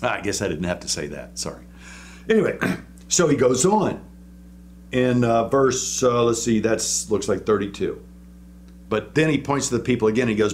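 A man giving a casual Bible teaching with a lively voice that swings up and down in pitch. He talks conversationally, stops and restarts mid-sentence, and dramatizes the verses he quotes. A faint hum sits under the recording. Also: moderate pace, pauses often. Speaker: preacher.

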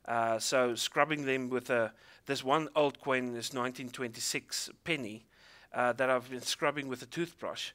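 South African male host, bright voice, chatty, hesitant delivery. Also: mid-range voice, steady tone, normal speed. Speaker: interviewer. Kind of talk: casual interview.

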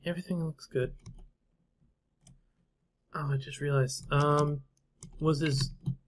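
A man's voice: a little high, steady tone, takes it slowly. Man musing over a strategy game. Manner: musing to himself, trailing off with fillers. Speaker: gameplay commentator. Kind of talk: casual let's-play commentary.

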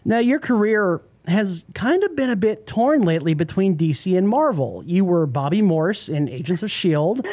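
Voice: mid-range voice, big pitch swings, normal speed, hardly any pauses, a little mellow. An interview host asking questions in a playful, joking way. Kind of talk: casual interview.

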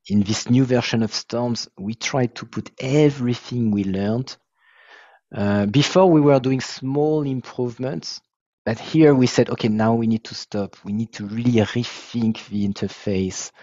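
A man's voice: medium pitch, dark tone, dry recording. French-accented man on a dull call. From France. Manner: halting, restarts, searches for English words. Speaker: software founder presenting his tool. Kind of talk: casual video-call discussion. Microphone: video call.

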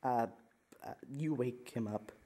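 A man's voice: mid-range voice, a little slow, warm tone, a little hiss or hum. A young man acting in an amateur short film, talking nervously with constant stammers and restarts. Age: young adult.

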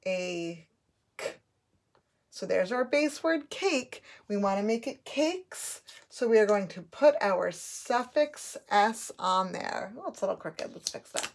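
A woman's voice: medium pitch, expressive, measured pace, vocal fry, hardly any pauses. A woman teaching a phonics lesson, sounding out letters and words patiently for children to repeat.

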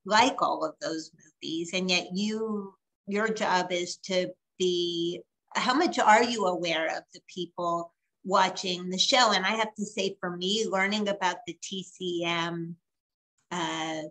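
An older woman interviewing a guest, with a fairly low voice. She asks her questions slowly and thoughtfully, winding through them with pauses and fillers. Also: fairly bright tone, low-quality recording. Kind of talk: conversational interview.

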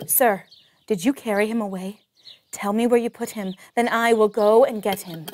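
A woman's voice: mid-range voice, steady tone, normal speed, a little mellow, close to an everyday voice. A woman playing a grieving young woman in a children's Bible story, speaking in an urgent, pleading way.

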